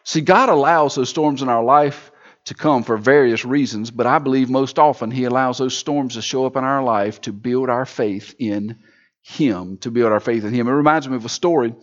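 A man's voice: medium pitch, moderate pace. A man preaching a sermon in a church, with a rhythmic, repetitive, building delivery, heard on a dull recording. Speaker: pastor.

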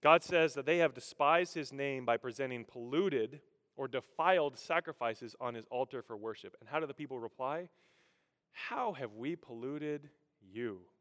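A male pastor giving a sermon, telling humorous stories with vocal sound effects in an animated manner. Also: medium pitch, moderate pace. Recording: echoey hall.

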